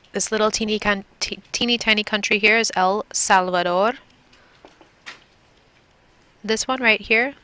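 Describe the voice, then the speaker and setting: This Milwaukee, Wisconsin woman is recorded leading a Spanish class, drilling and repeating vocabulary with patience. Her medium-pitched voice sounds clear, resonant, and sharp.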